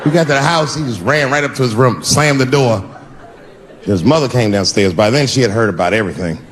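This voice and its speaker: A male stand-up comedian telling a story on stage, animated and punchy, swearing freely and jumping into voices, recorded live with audience noise. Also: medium pitch, fairly quick, a faint crowd.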